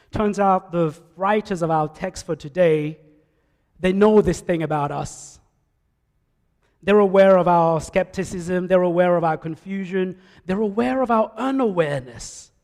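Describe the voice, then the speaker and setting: A male preacher with a high voice delivers a sermon, swinging between loud calls and quiet asides. His voice carries with a long echo through the church. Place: church sanctuary. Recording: echoey church hall.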